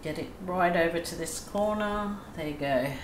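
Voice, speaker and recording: A woman's voice: fairly low pitch, normal speed, slight background noise. A woman with an Australian accent chatting her way through a painting tutorial, soothing and self-deprecating as she coaches. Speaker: acrylic pouring artist. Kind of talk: casual painting tutorial chat. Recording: echoey room with faint ambience.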